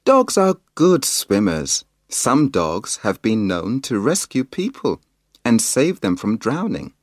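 A man reading a storybook aloud, voicing a cheerful, reassuring mother in a raised, lively voice. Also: on the low side, slow, dry recording, studio quality, heavily acted.

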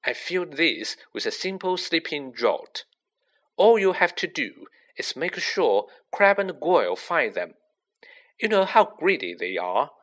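Brisk, know-it-all schoolgirl witch played by a male reader, lifted pitch, bright tone, audiobook. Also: big pitch swings. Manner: matter-of-fact, brisk and stern. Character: bossy, brainy teenage schoolgirl witch. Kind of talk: audiobook character voice.

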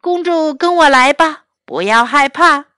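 A woman's voice: high-pitched, lively intonation, a little slow, bright, forceful tone, dry recording, exaggerated voice. A woman voicing a friendly male dragon in a kind, reassuring tone.

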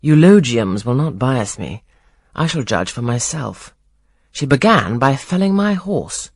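A reader doing a husky, commanding gentleman. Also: medium pitch, very animated, unhurried, no echo, clean studio sound, exaggerated voice. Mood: questioning. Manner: curt, imperious questioning. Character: stern brusque older gentleman, commanding. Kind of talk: audiobook reading of a classic novel.

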